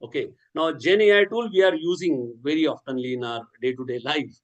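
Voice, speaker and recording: A man's voice: fairly high pitch, a little fast, low-quality recording. A man giving an academic lecture, talking in a discursive way with many fillers, restarts and a habitual "okay".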